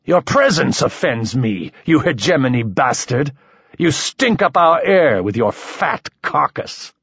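A hateful young nobleman, played by a male narrator, hissing and sneering through his insults. His voice lifts noticeably above the reader's own and comes out husky, on a dull, lo-fi recording. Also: medium pitch, big pitch swings, measured pace, no room sound, voice pushed up, exaggerated voice. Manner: sneering, hissing, shouting threats. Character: arrogant hot-headed young nobleman, hateful.

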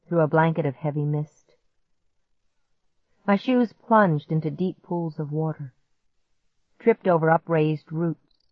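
Slow, low-voiced woman storyteller. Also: dry recording. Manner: measured, vivid first-person storytelling. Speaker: audiobook narrator. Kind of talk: storybook narration. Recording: dull muffled audiobook recording.

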